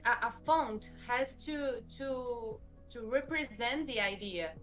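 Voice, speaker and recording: A woman designer joins a casual chat as a guest, laughing often and restarting her sentences. Her voice sits a bit high. It comes through a slightly dull remote line with faint music behind. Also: a little slow.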